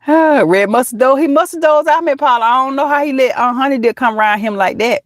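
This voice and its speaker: A woman's voice: high voice, normal speed, dry recording, clean studio sound. A woman hosting a casual live chat, reading out comments, laughing often and talking straight to her viewers. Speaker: livestream host.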